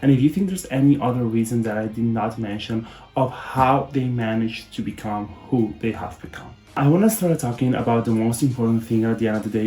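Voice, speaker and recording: A soft-spoken young man hosts a casual fan vlog, his voice mellow and kept low in tone. He sounds moved and emotional throughout. The room gives a roomy echo, with faint music underneath. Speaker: fan channel host.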